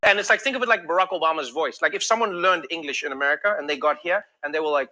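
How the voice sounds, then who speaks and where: A man in his thirties doing stand-up crowd work, telling stories in an animated way and acting out the people in them. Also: a little high. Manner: animated storytelling, acting out voices in quick back-and-forth. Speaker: comedian. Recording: noisy live stage recording.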